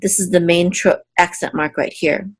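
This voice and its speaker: A woman's voice: lowish voice, fairly even intonation. Patient woman teaching syllable by syllable. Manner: slow deliberate sounding-out of syllables; casual, with fillers and self-corrections. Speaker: Hebrew teacher. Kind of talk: patient step-by-step lesson.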